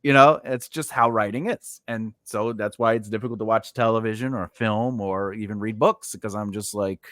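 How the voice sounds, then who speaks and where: A man's voice: fairly low pitch, moderate pace, a bit bright, no room sound. A man hosting a casual chat over a video call, telling rambling stories full of fillers and restarts. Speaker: podcast host.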